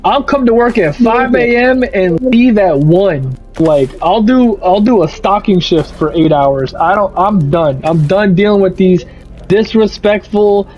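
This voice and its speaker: A young man streaming a game, telling a profane, animated story about a bad work shift. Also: high voice, unhurried. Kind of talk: casual rant over gameplay. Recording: slightly muffled, faint music.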